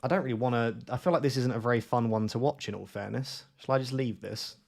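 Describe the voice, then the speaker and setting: A young man chats casually through a live stream, pitched at an ordinary middle height. He thinks out loud, trails off into fillers and pokes fun at himself as he goes. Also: quick pace, creaky. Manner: chatty, rambling, self-mocking, thinks aloud with many fillers. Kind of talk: casual live-stream commentary while playing a map guessing game.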